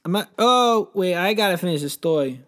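A man's voice: high voice, fairly quick. A young man rambling through a comic monologue, full of fillers and restarts, telling silly made-up stories with mock seriousness. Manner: meandering, filler-heavy, deadpan mock storytelling.

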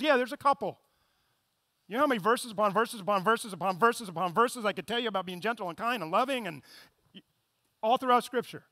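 A man preaching a sermon as pastor, swinging between loud emphasis and hushed, quick asides. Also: high-pitched, dry recording.

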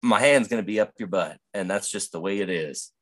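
Man playing a pushy homeless guy, gruff, dismissive, low voice. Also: brisk, a bit bright.

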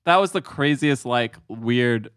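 A man co-hosting a podcast in casual chat, animated and quoting scenes in excited voices. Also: medium pitch, unhurried, clean tone, no room sound, studio quality. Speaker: podcast co-host.

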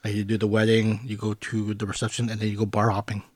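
A man's voice: lowish voice, completely flat delivery, fast talker, a little mellow, dry recording. A young man co-hosting a podcast in casual chat, goofy and jokey. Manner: goofy, jokey, bursts of silly voices. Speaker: podcast co-host.

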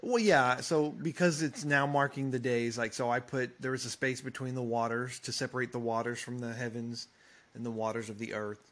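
Man, casual Bible study chat, easygoing, reads verses plainly, average pitch. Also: level tone, a little fast, fairly bright tone.

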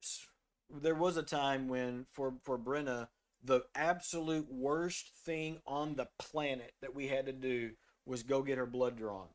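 A man's voice: medium pitch, steady tone, unhurried. A middle-aged man in a casual faith discussion, telling a personal story in an earnest way and now and then reading scripture aloud. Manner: earnest, storytelling, drops to a soft voice when quoting himself.

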